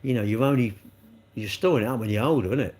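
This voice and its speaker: A man's voice: mid-range voice, fast, darkish tone. A middle-aged man, chatting on a live stream and ranting with rhetorical questions. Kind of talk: casual live-stream chat.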